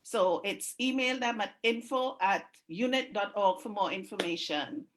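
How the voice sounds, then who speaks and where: A woman's voice: mid-range voice, moderate pace. A woman hosts an online community event over a video call. She makes casual, chatty announcements and introduces performers.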